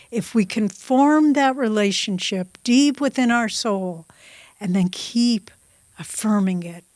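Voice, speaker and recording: Woman, spiritual teacher, slow unhurried talk, soft devotional manner, dry close sound. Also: medium pitch, no echo. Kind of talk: class talk, storytelling.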